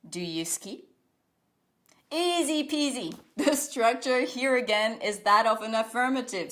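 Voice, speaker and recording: A woman with a French accent, a native French speaker, teaching a beginner lesson with a clear, upbeat manner and playful asides. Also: medium pitch, fairly bright tone. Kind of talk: language lesson.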